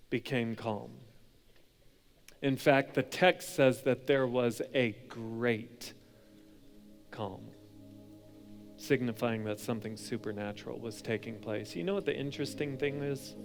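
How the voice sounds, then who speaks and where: A young adult man preaching a sermon as pastor, moving between hushed, intense passages and loud, animated storytelling. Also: medium pitch, slow pace, vocal fry, pauses often, faint music behind.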